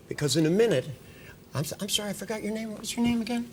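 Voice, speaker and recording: A man working as a hypnotist, leading volunteers through a live induction in slow, soothing patter. He keeps repeating "that's right" and slips in playful jokes. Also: high-pitched, expressive, a little hiss or hum. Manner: playful, joking with the audience.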